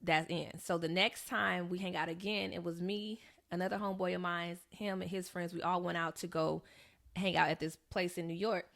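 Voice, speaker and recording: Animated young woman telling a story, gravelly. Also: fairly low pitch, moderate pace. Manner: animated storyteller, acts out quoted voices. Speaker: podcast co-host. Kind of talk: casual storytelling chat.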